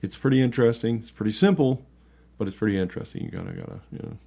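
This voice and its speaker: Gravelly-voiced man rambling on a podcast. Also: medium pitch, expressive, racing, warm tone. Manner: rambling, laughs often, crude jokes. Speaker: co-host. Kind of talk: casual podcast banter.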